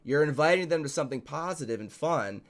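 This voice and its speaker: This podcast host and promoter, a man with a slightly high voice, tells stories quickly with lively intonation. His delivery is emphatic and heavy with profanity, though the chat itself is casual.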